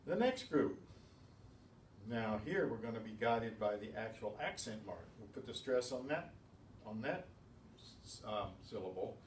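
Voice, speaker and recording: Male language teacher, slow and deliberate, heard from across a roomy space with faint hiss. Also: fairly low pitch, expressive, recorded from a distance. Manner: says each word loudly, then explains softly. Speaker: Spanish teacher. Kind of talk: slow, patient pronunciation drill. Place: class room.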